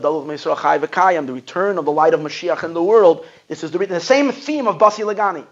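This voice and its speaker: A man, a rabbi, giving an emphatic Torah talk to an audience, swinging from loud to hushed. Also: high-pitched. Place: school hall. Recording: dull lo-fi sound.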